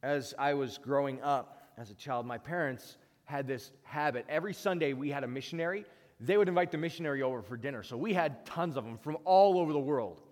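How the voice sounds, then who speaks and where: A man preaching a sermon, telling stories and moving between emphatic peaks and quiet asides. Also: medium pitch, a little fast. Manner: storytelling, rising to emphatic peaks then dropping quiet. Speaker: pastor. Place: church. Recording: long reverb of a church hall.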